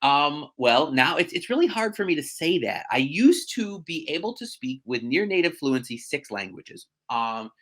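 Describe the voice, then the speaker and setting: A man, a real estate agent chatting as a podcast guest, animated and self-deprecating with quick asides. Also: on the high side. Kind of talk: casual podcast conversation.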